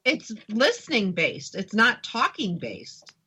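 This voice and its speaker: A woman's voice: medium pitch, sing-song, slow pace, pushed and bright, husky. A woman hosting a radio talk show, agreeing with her guest and chiming in with short remarks. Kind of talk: radio interview, conversational.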